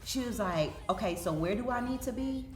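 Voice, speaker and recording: A woman's voice: mid-range voice, brisk, echoey room, faint music behind. A woman who leads a ministry, hosting a casual group conversation and telling stories with lots of laughter. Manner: animated, laughing storyteller. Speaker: ministry leader hosting a reunion.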